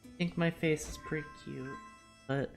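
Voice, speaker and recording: Low-voiced woman streaming a strategy game. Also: steady tone, normal speed, gravelly, faint music behind. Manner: chatty, thinks out loud while playing; self-deprecating, jokey asides. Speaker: VTuber streamer. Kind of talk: live game-stream commentary.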